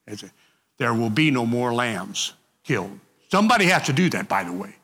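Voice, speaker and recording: A man leading a group Bible study, reading passages and talking them through in a halting, conversational way with frequent restarts. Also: mid-range voice, sing-song, fairly bright tone, breathy edge, long reverb tail.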